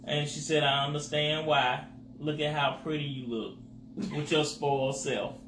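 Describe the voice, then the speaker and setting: A man co-hosts a casual chat and reads viewer comments aloud in an unhurried, laid-back way. His voice is on the higher side for a man. The room gives an echo, and a faint background hiss is present. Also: fairly even intonation, fairly bright tone. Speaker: co-host reading viewer comments. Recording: roomy with faint noise.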